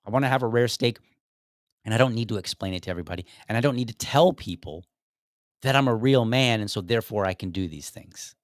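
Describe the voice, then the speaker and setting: A man's voice: on the low side, fast, no room sound, clean studio sound. A man hosting his own podcast, rambling casually with many fillers and restarts. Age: young adult to middle-aged father. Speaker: podcast host. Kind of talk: casual commentary.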